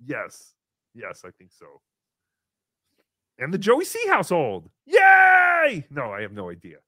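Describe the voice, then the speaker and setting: A man hosting a casual livestream, reading paid chat messages with sarcastic jokes. He swings from loud bursts to mumbled asides. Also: medium pitch, wildly swooping pitch, measured pace, slightly rough, dry recording, studio quality.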